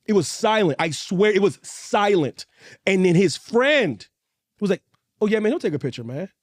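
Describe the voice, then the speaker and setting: A podcast co-host tells a story in a casual storytelling chat, speaking at normal speed into a studio mic. He's animated, acting out quotes with big jumps in pitch.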